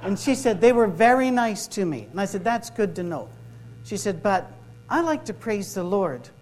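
A man's voice: high-pitched, big pitch swings, normal speed, a little mellow, low-quality recording. A man, a minister giving a sermon-style workshop talk, telling stories, acting out the dialogue and joking. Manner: storytelling, acts out dialogue, joking.

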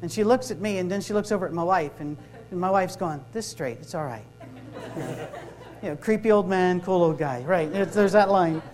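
A man's voice: high voice, a little fast, hardly any pauses, darkish tone, rough recording. A man, a minister giving a sermon-style workshop talk, telling stories, acting out the dialogue and joking. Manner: storytelling, acts out dialogue, joking.

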